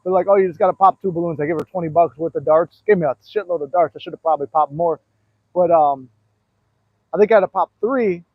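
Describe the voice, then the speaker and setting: A manifestation coach with a slightly high voice talks fast while walking, breathless, in a casual live session. He rambles through stories with many fillers, and the recording is dry and tinny, like a phone.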